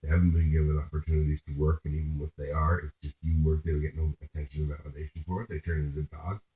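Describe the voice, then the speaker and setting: A man's voice: a bass voice, flat delivery, fast talker. A man telling a meandering, profane story in casual chat, often restarting mid-sentence. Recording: echoey room on a tinny phone-like line.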